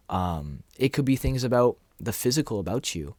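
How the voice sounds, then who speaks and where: A man's voice: medium pitch, brisk, hardly any pauses, no room sound. Male self-help coach, easygoing delivery, mid-range voice, dry close recording. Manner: relaxed, conversational, acts out little dialogues. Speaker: dating and confidence coach. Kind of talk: casual talking-head advice.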